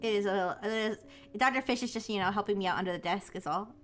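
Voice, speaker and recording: A woman's voice: medium pitch, fast talker. A young woman VTuber chatting casually on a live stream, giggly and rambling. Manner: giggly, rambling, self-mocking.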